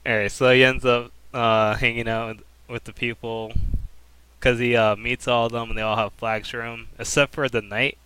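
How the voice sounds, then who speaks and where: A man's voice: medium pitch, level tone, moderate pace, bright, forceful tone, clear, resonant tone, poor audio. A young man co-hosting a casual anime review chat, laid-back as he recaps the plot. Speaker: podcast co-host.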